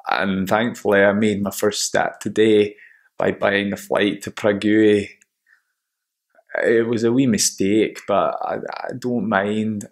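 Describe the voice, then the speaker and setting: A man's voice: lowish voice, flat delivery, slow. A man voicing a naive, earnest young man. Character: naive young Scottish man dreaming of flying.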